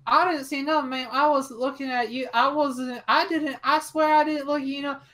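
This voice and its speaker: A woman voicing a frightened, tearful Southern boy who stammers and rambles in a high voice. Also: fairly even intonation, normal speed, a bit bright. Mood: scared.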